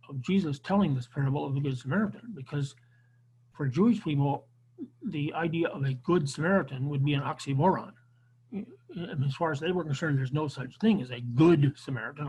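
Husky, higher-voiced male Bible teacher. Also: darkish tone, rough recording. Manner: unscripted, with frequent restarts and fillers. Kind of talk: online Bible class lecture. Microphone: video call.

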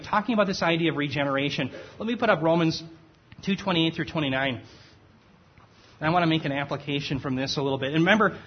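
Guy preaching a bible sermon, kinda husky, fairly high voice, keeps asking "okay?" as he goes. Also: dull audio. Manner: conversational, checks in with "okay?", self-correcting, laughs at himself. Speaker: pastor. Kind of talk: expository sermon.

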